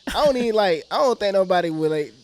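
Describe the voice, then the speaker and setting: A young man hosting a casual interview, relaxed, slangy and laughing easily. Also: sits high, quick pace. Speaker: interviewer, host.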